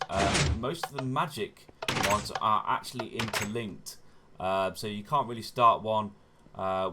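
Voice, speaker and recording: A man's voice: on the low side, pushed and bright, slight background noise. A man hosting a gaming channel, giving chatty step-by-step gameplay commentary and often correcting himself as he goes. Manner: chatty, self-correcting, often says "wonderful".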